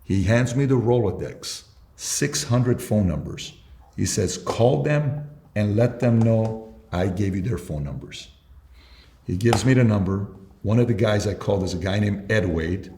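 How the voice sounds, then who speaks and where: A low-pitched man tells business stories as an interview guest, slipping into the voices of the people in them. The room around him gives a roomy echo. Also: animated, measured pace, mellow, a little hiss or hum. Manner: acts out both sides of dialogues. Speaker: guest entrepreneur. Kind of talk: storytelling interview talk.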